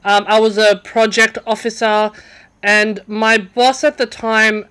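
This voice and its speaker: A woman's voice: fairly high pitch, level tone, unhurried, fairly bright tone, clear, resonant tone. Young woman, casual storytelling, chatty, full of fillers and restarts. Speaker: podcast guest.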